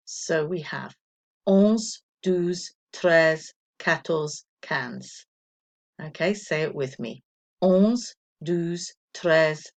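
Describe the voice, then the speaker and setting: A woman teaching a recorded French lesson to primary school children, patient and encouraging, counting slowly for pupils to repeat. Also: sits low.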